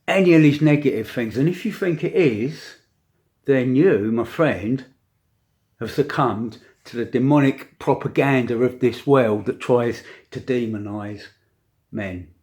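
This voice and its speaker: An older man with grandchildren giving a preachy opinion rant to camera, with dramatic pauses and emphatic repetition. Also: mid-range voice, a little mellow. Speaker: vlogger.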